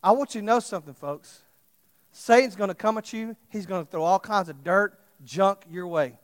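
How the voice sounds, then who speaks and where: A male pastor preaching a sermon, swinging from loud impassioned calls to quiet storytelling. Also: high-pitched, normal speed, long reverb tail.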